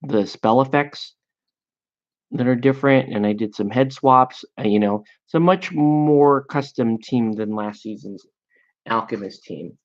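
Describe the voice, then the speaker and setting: A man chatting casually and rambling with amusement as he paints miniatures at his hobby desk. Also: medium pitch. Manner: slow, rambling, self-amused. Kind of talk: casual chat while painting. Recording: dull lo-fi sound.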